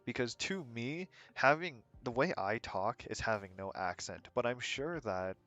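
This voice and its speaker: A man's voice: medium pitch, lively intonation, a little slow, fairly bright tone, highs cut off. An American man streaming a game, chatting in a rambling, laid-back way and answering his chat with frequent chuckles. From United States. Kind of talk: casual chat while gaming.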